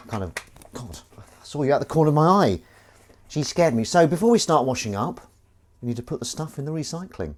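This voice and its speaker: Washing up on a livestream, this man keeps up a chatty, jokey conversation and greets viewers by name as dishes and cutlery clink behind him. He has a medium-pitched, darkish voice and is expressive at a moderate pace.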